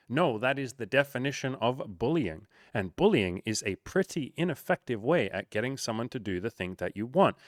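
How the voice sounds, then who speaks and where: A man's voice: mid-range voice, no room sound, clean studio sound. Blunt, profane male life coach. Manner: blunt, profane, emphatic pep talk. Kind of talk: answering viewer comments to camera.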